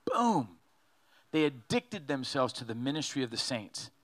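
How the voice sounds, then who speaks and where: Bright, lively man preaching. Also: medium pitch, unhurried. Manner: animated, jokey preaching with put-on quotes. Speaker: pastor. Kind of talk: sermon.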